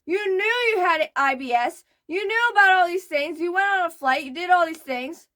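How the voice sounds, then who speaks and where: A young woman hosting a reaction video, reading posts aloud and breaking in with loud, exasperated outbursts. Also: very high-pitched, lively intonation, moderate pace, hardly any pauses.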